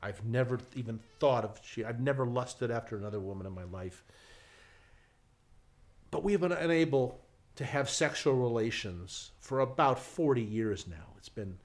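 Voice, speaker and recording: A man voicing an elderly husband in a joke, confessing in a hushed, earnest, halting way. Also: medium pitch, close to an everyday voice.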